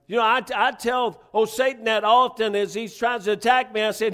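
A man's voice: high voice, steady tone, a little fast, hardly any pauses, a bit bright. A man preaching a sermon, fervent and conversational, repeating phrases and restarting lines as he builds. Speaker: pastor.

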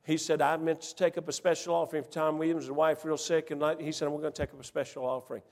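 A man's voice: on the high side, level tone, fast, gravelly. A man preaching, telling a personal story in a folksy, emphatic way with many restarts, in a church. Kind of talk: storytelling sermon. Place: church sanctuary. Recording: church hall reverb.

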